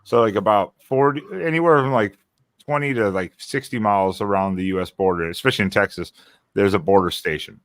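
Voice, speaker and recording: A man's voice: on the low side, fairly quick, no room sound. A man co-hosting a casual livestream hangout, rambling and restarting as he explains things at length. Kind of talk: casual chat.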